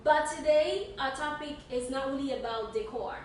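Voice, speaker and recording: A woman's voice: high voice, normal speed, darkish tone. Woman from Haiti, podcast co-host, casual chat, fillers and repeats, faint background hiss. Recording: echoey room, distant mic, faint hiss.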